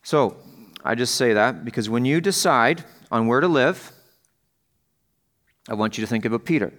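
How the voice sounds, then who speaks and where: A man's voice: medium pitch, animated, normal speed, a bit bright. A man pastor giving a sermon in a conversational way, often checking in with the congregation and lifting his voice to stress a point. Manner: conversational preaching, asks the congregation questions.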